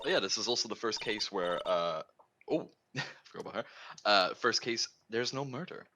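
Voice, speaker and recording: A man's voice: fairly low pitch, expressive, normal speed, bright, forceful tone, faint music behind. A man joining a game stream, joking around and doing impressions. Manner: playful, giggly, does impressions. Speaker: co-host guest on a stream. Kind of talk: casual let's-play banter.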